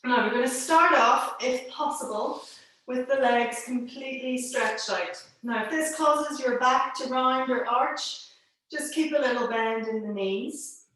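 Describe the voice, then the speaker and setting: A woman teaching a live online pilates class from home over a video call, calmly giving cues and counting down holds, a little out of breath. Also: high-pitched, unhurried. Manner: calm instructing, counting holds aloud. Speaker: pilates instructor. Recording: echoey room, distant mic.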